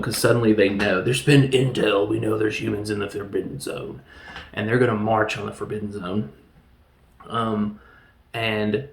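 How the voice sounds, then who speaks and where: A man's voice: fairly low pitch, echoey room, slight background noise. A man giving a casual, rambling movie recap, joking and laughing at what he describes. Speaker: film reviewer.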